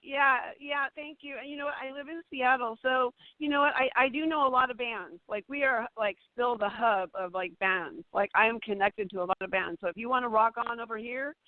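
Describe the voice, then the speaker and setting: A caller's voice comes through a tinny, dry phone line. She is a chatty, excitable woman who giggles often between her words. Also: a little high, brisk, hardly any pauses, dry recording. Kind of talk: casual phone call-in.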